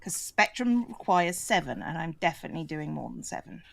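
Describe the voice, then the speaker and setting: A woman's voice: low voice, sing-song, a little fast, creaky, a little hiss or hum. A woman co-hosting a casual live stream, answering in a dry, teasing, matter-of-fact way. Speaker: co-host guest.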